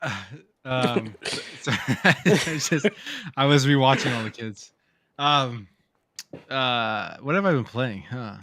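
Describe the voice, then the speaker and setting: A man on a casual gaming podcast, answering slowly with lots of hesitation. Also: mid-range voice, fairly bright tone, dry recording. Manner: hesitant, lots of ums, chuckling. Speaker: podcast co-host.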